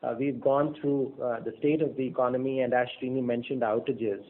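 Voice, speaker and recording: A man presenting as a bank executive on an earnings call, speaking in in a measured way, with frequent fillers and restarts. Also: medium pitch, fairly even intonation. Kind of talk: business presentation on a conference call. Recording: phone-line audio.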